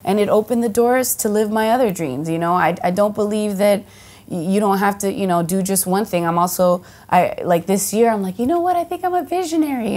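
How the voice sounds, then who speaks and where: An actress from the United States of Dominican heritage, chatting casually in an interview, full of fillers and restarts and lively quoted voices. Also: female voice, on the low side. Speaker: actress and singer, guest.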